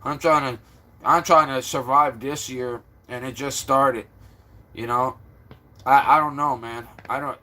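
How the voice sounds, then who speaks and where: A man's voice: fairly even intonation, unhurried, pushed and bright, slight background noise. A stressed man from Florida rambling casually to his livestream viewers. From Florida, USA. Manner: rambling, talks to viewers, turns low and subdued.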